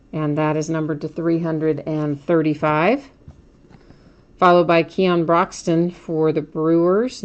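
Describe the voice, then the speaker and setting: A woman's voice: low-pitched, a little mellow. A woman hosting a card break, chatting casually as she names each card she pulls and laughs at her own slips.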